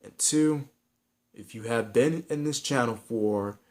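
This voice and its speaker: A man's voice: medium pitch, takes it slowly, darkish tone. A man with a Southern California accent giving frank, rambling advice in a casual vlog, with many restarts and fillers.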